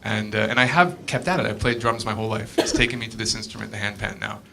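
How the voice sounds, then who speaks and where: Bright-voiced man giving a halting tribute. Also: on the low side, creaky, slight background noise. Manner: hesitant, heartfelt, with fillers. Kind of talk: spoken memorial tribute. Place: curling club hall.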